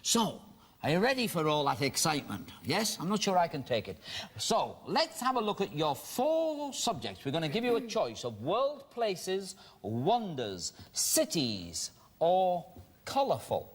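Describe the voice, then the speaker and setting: A man's voice: a little high, wildly swooping pitch, measured pace. An older English man hosting a game show, chatty and jokey, explaining the rules and then urging a contestant on against the clock. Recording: TV studio with music and audience.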